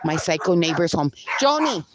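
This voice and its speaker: A woman's voice: lowish voice, sing-song, moderate pace, very noisy. A woman hosting a casual livestream, reading viewer comments aloud with frequent laughs and casual swearing. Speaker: livestream host.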